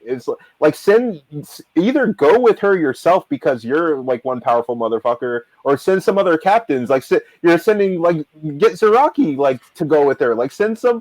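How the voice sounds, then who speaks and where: A man's voice: a little high, expressive, moderate pace, a little mellow, dry recording, low-quality recording. A man co-hosting a casual talk show, rambling animatedly with lots of fillers and restarts. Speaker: manga reader and show co-host. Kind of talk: casual discussion.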